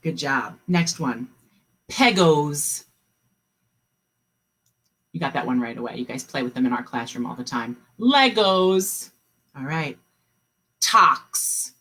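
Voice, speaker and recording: A woman teaching a kindergarten class online, encouraging the children and sounding out words slowly. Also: extremely low pitch, sharp tone, slightly rough.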